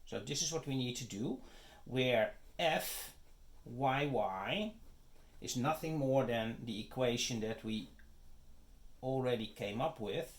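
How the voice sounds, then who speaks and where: A man teaches calculus at an unhurried, slow pace. He walks through each step methodically and keeps pausing to check that his listeners are following. His pitch sits in a middle range for a man. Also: lively intonation. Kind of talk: math lecture.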